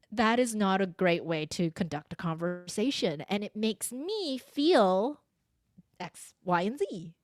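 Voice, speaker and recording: A middle-aged woman voice coach chatting in an interview, animated and expressive, acting out the voices of the people she quotes. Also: medium pitch, no room sound, clean studio sound. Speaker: voice coach guest. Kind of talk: casual interview chat.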